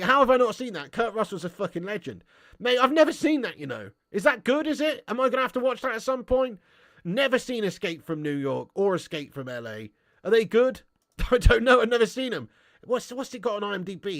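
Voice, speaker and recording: A man's voice: sits high, dry recording, studio quality. A man hosting a live stream, reading viewer comments and ranting bluntly with lots of swearing. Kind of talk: casual live-stream chat.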